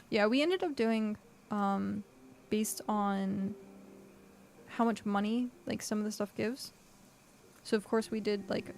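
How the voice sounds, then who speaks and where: A woman's voice: mid-range voice, gravelly, a little mellow, a little hiss or hum. A woman streaming a game, chatting casually and thinking aloud with lots of fillers. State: hiccuping. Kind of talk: casual gameplay chat.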